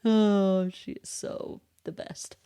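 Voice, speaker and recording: Warm and smooth, her mid-range voice stays level as she takes things slowly. A kindergarten reading teacher co-hosting a podcast, she tells stories and laughs often in casual chat, recorded with clean studio sound and no room sound.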